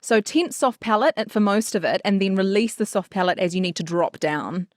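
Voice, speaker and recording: A woman's voice: mid-range voice, fairly quick, no room sound, studio quality. Woman explaining voice technique. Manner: technical, explains vocal anatomy. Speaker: podcast co-host. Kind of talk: casual chat about voice technique.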